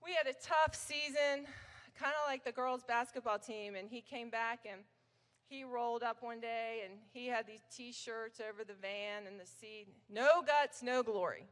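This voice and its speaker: A middle-aged woman accepts a hall of fame honor at a banquet, delivering a chatty speech full of anecdotes about her old coach. Her voice is fairly high and fairly bright, steady in tone and moderate in pace, with a long hall reverb on the recording.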